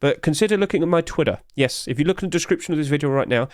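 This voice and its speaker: Male YouTuber, higher-pitched, smooth clear voice, rushed and breathless, dry close sound. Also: animated, a little mellow, no echo. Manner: hurried, rapid-fire delivery. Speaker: YouTube host. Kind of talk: casual game skin review commentary.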